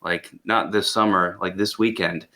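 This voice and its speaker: Eager, bright-toned podcast man. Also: deep voice, fairly even intonation, moderate pace. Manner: enthusiastic, eager, with repeated words. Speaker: podcast co-host reviewing education tech tools. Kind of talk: casual podcast chat.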